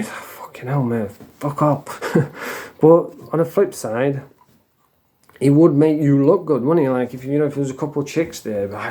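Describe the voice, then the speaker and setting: A man's voice: mid-range voice, normal speed, warm tone. A man ranting in a crude, mocking vlog, laughing at his own jokes. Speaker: online commentator.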